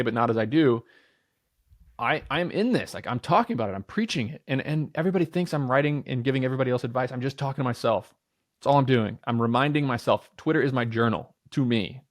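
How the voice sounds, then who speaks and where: An energetic man in his thirties speaks as a podcast guest, at an ordinary mid pitch. He pushes his points with emphasis, repeats himself for effect and restarts his sentences. Casual swearing slips into the talk. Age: 30s.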